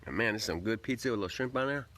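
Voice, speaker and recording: A man's voice: lowish voice, rapid-fire, a bit bright, slight background noise. A man hosting a casual livestream, greeting viewers by name and rambling upbeat while he eats. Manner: talks while eating. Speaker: livestream host.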